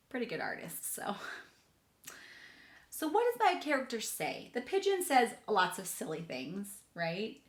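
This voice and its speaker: A woman teacher talks children through a reading lesson with chatty enthusiasm. Her voice is bright and keen, and it sits at a middle pitch. She speaks in a room with a noticeable echo. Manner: enthusiastic, chatty, addresses kids directly. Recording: echoey room.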